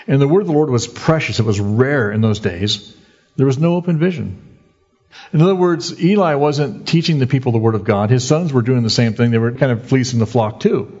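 Guy preaching a sermon, kinda husky voice, chatty storyteller, muffled lo-fi audio. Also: mid-range voice, fairly quick. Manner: lively storyteller who acts out the quoted voices; conversational, folksy preaching. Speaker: pastor. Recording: dull lo-fi recording.

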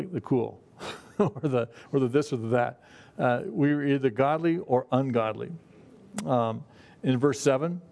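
A man's voice: medium pitch, a little mellow. Folksy middle-aged man teaching scripture. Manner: conversational, folksy, many fillers and restarts. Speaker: pastor. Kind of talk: Bible study teaching.

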